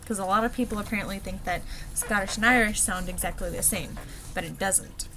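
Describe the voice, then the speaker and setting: A woman dialect coach walking through an accent worksheet, pausing often with ums as she explains the sounds. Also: mid-range voice, very noisy. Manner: halting, many ums and pauses.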